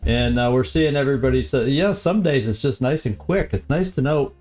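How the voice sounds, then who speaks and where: A man's voice: medium pitch, fairly quick, a little mellow, soft background music. A man hosting a live game stream, chatting casually and easily, often chuckling and repeating his phrases.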